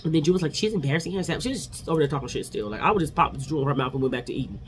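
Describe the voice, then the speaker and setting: A man hosting a vlog, giving an animated, sassy casual recap of a reality TV episode. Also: mid-range voice, very fast, slight background noise. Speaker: vlog host.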